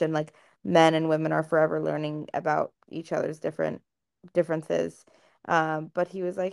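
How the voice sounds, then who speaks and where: Woman podcast co-host, frank and profane, slightly low voice, lively retelling. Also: creaky, smooth. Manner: candid, swears freely, animated retelling. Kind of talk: casual podcast conversation.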